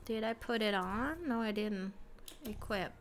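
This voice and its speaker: A woman's voice: medium pitch, measured pace, a little hiss or hum. A woman streaming a video game, chatting and giggling to herself and her viewers at a desk mic. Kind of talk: casual live-stream chat while playing.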